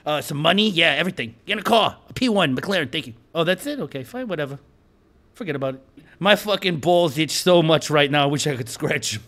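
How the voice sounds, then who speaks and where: A man doing a brash Brooklyn Italian wise guy, cocky and lewd, ribbing everyone in game voice chat. The voice sits high and bright, with a put-on Brooklyn accent and a loud, needling swagger. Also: expressive, brisk. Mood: rowdy. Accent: put-on Brooklyn New York. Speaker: roleplay troll.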